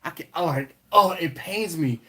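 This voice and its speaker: A man, his voice sitting a touch high, hosts a relaxed late-night livestream. He reads out viewer comments and teases the chat in a loose, playful way. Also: moderate pace, slightly rough. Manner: playful, teasing, banters with chat. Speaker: livestream host. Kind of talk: casual live chat reading comments.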